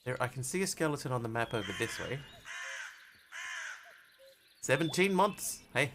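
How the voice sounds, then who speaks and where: A man's voice: mid-range voice, animated, normal speed, background noise. A man live-streaming a game, chatting casually and jokily with his viewers as he plays. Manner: rambling, jokey, chatty with viewers. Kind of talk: casual live-stream chat while playing.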